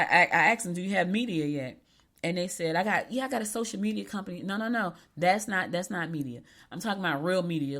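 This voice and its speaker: A woman with a somewhat low voice talks casually to her listeners about business. She is emphatic, says her key points twice, and jumps higher in pitch when she acts out what other people say. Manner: lively, swoops high when quoting people. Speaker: podcast host.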